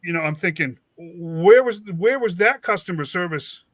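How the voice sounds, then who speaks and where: A man's voice: high-pitched, moderate pace. A man hosting a casual chat, telling a rambling story and acting out the dialogue. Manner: rambling, animated, acts out quoted dialogue. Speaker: host.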